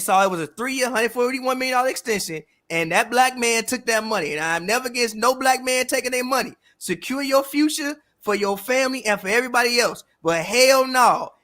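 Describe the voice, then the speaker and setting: A man co-hosting a casual sports podcast, arguing in an animated, slangy way full of repeated phrases. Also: very high-pitched. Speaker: podcast co-host.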